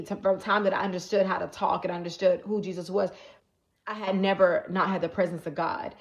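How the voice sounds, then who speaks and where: Brief: woman prophet, earnest testimony, mid-pitched, repetitive, checks in with her audience. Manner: earnest, repeats herself, keeps checking in with listeners. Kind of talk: personal religious testimony to viewers.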